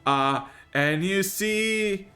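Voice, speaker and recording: A man running a tabletop game as game master, describing scenes in halting, often restarted sentences. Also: high voice, bright, forceful tone. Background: faint music.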